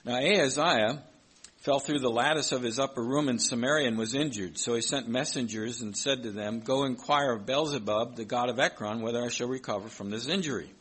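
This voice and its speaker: A man's voice: medium pitch, a little fast, a bit bright, slightly rough, low-quality recording. A man preaching a sermon, reading Bible verses aloud and explaining them, with some hesitant restarts. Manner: reads scripture aloud and comments, with hesitant restarts.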